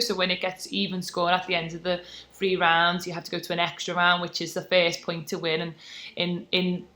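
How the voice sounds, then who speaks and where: Speaking at a fairly low pitch with a sharp edge, a woman from Britain in her 20s tells the story of her life in sport. She's appearing as a guest on a relaxed podcast interview about her taekwondo career, talking chattily with plenty of fillers.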